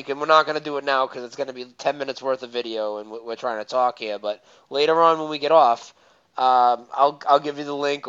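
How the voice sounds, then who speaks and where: A man talking as a guest in a casual chat, animated and rambling, often laughing mid-sentence. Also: medium pitch, clean tone. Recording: muffled lo-fi audio.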